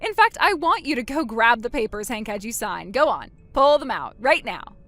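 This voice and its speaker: A woman's voice: a little high, big pitch swings, normal speed, a bit bright, no echo. A woman playing a smug, taunting younger sister. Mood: gloating. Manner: taunting, sing-song, cackling. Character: smug gloating younger sister, cruel and mocking.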